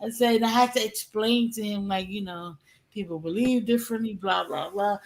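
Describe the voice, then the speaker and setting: Woman, mid pitch, blunt casual chatter, storytelling with laughs. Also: a little fast, low-quality recording. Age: adult. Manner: blunt, laughs while telling stories. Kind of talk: casual livestream chat.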